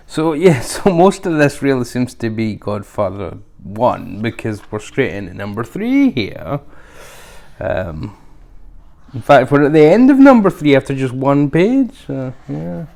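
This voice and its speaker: A man's voice: medium pitch, big pitch swings, measured pace, creaky, darkish tone. A man hosting a casual unboxing review, chatty and rambling with lots of fillers. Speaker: video host.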